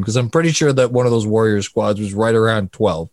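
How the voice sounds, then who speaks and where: A man's voice: lowish voice, fairly quick, few pauses, a little mellow, no room sound, studio quality. A man co-hosting a casual sports podcast, reeling off statistics and laughing at his own numbers. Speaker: podcast co-host.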